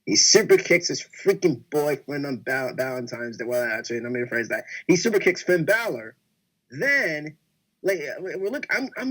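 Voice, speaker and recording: A man co-hosting a casual wrestling podcast, talking excitedly and acting out his own reactions as he recaps a show. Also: on the high side, normal speed. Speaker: podcast co-host.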